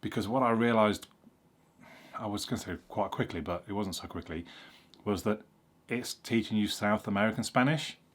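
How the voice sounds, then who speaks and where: In a relaxed, explanatory chat, a male vlogger from England rambles about learning a language, often saying um and correcting himself. His voice is fairly low and his pace moderate.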